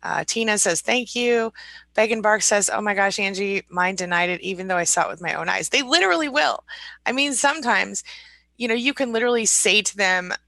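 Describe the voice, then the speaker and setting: A woman's voice: medium pitch, expressive, fairly quick, gravelly, sharp tone, dry recording. A woman hosting a live support stream, reading viewer comments aloud and answering them in a chatty, friendly way. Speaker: live support coach and host.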